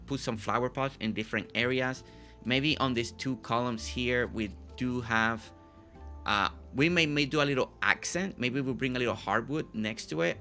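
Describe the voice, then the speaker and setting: A man's voice: medium pitch, bright, forceful tone. A man hosting a live game stream, chatting casually with viewers, often repeating and restarting his phrases.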